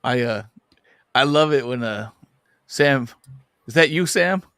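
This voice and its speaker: A man's voice: medium pitch, expressive, a little slow, a bit bright, smooth, no room sound, clean studio sound. A man on a comic review panel, joking and laughing as he rambles. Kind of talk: casual panel chat.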